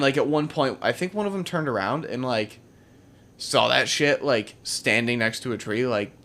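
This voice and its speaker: A man's voice: medium pitch, a bit bright. Laid-back man telling a story casually. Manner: laid-back storytelling, heavy swearing and filler words. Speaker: podcast host. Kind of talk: casual chat.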